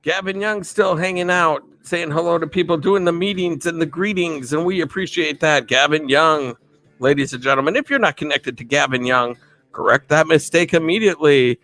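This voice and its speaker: A man's voice: on the high side, moderate pace. Upbeat, slightly tipsy male streamer. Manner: upbeat, rambling shout-outs to viewers. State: a bit tipsy. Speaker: livestream host. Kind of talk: casual live-stream chat.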